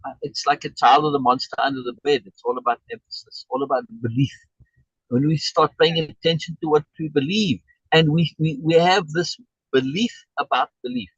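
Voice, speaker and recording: A man's voice: a little high, fairly quick, breathy edge, no echo, muffled recording. A man coaching someone over a video call, emphatic and repeating key words for stress. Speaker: life coach.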